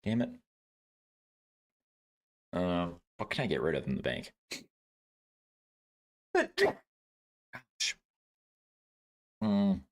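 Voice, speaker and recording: Male streamer, low voice, slow unhurried talk, laid-back, swears and laughs with chat. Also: wildly swooping pitch. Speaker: livestreamer. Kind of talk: casual gameplay livestream chat.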